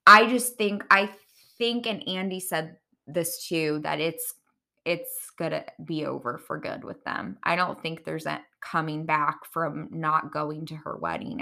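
A woman's voice: deep voice, vocal fry, pushed and bright. A woman hosting a podcast, giving casual, opinionated commentary in a chatty, candid way, full of fillers like "like" and "um". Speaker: podcast host recapping reality TV.

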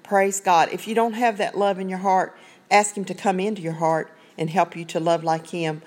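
A woman's voice: on the low side, fairly even intonation, normal speed, a little mellow. Woman lay preacher, earnest, chatty devotional delivery, self-recorded. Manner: earnest, conversational, rambling with many asides. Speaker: online preacher. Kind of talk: informal Bible devotional.

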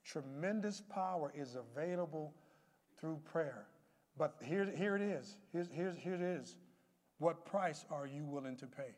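High-pitched male preacher, church sermon, quiet storytelling rising to shouts; echoing sanctuary. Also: lively intonation, a little slow. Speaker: pastor. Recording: long hall reverb.

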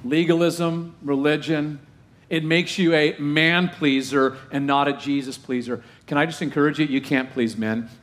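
Emphatic preaching pastor, raised voice. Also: male voice, on the high side, fairly even intonation, fairly bright tone. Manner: rhetorical questions, emphatic repetition, dramatic pauses; slows down heavily to stress key phrases. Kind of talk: sermon.

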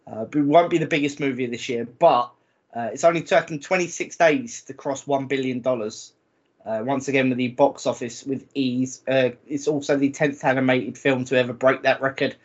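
A man co-hosting a gaming podcast, chatty and quick to reel off figures. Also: medium pitch, fairly even intonation, slightly rough. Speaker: podcast co-host. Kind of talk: casual chat. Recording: dull lo-fi audio.

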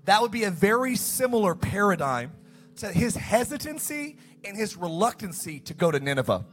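A man preaching a sermon as pastor, animated, acting out the story's dialogue in quick asides. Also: sits high, soft background music.

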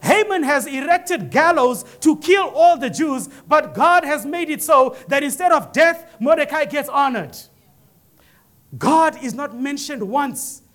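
A male pastor preaching a sermon, telling a story with lively acted-out quotes and rising calls to the congregation. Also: very high-pitched. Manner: animated storytelling preacher, acts out voices in quotes. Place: church.

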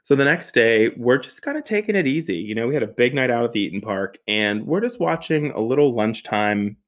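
Young guy telling a funny story, laughs a lot, swears, jumps into asides, middle-pitched voice. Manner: animated, laughing often, swearing, with quick asides. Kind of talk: comic personal anecdote.

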